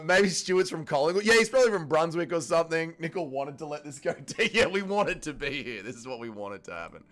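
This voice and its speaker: An Australian man hosting a live fight watch-along stream, talking excitedly, swearing often and yelling at the fighters. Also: fairly high pitch, a little fast, hardly any pauses. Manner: excitable, profane, yells at fighters. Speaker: livestream host.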